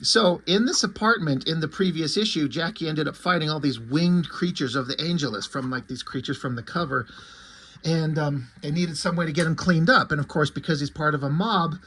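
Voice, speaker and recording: A man talks through a comic book in casual chat. He rambles, jokes and swears, in a voice a bit higher than most men's. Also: brisk, a bit bright, slight background noise.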